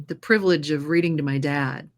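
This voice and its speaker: An American woman who narrates audiobooks and trained as a singer, chatting in a casual interview and telling lively stories with frequent laughter. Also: low-pitched, a little slow. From United States. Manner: lively storyteller, laughs often; trained singer with controlled delivery.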